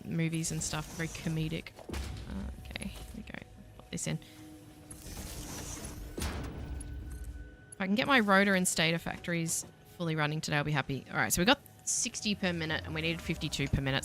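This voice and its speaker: A young Australian woman streaming a factory-building game, thinking aloud and chatting with viewers, quick to laugh at herself. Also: deep voice, pushed and bright. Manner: self-deprecating, laughs easily. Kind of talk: casual let's-play commentary. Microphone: desk mic, voice only without face cam.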